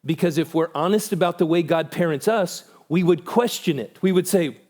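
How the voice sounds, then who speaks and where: A man giving a church conference talk, animated, acting out quoted voices with big pitch jumps. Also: moderate pace, hardly any pauses. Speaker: conference speaker.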